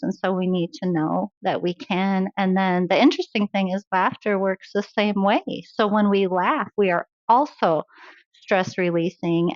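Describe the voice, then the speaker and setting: A woman's voice: mid-range voice, no room sound, dull audio. A woman guest talking earnestly in an interview about faith and grief, often laughing as she tells stories. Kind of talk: faith-based interview conversation.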